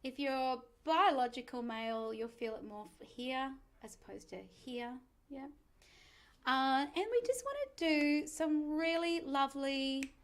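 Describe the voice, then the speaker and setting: Chatty woman leading a vocal warm-up. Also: high voice. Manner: relaxed, chatty, encouraging, self-mocking asides. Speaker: singing teacher. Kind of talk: guided vocal warm-up lesson.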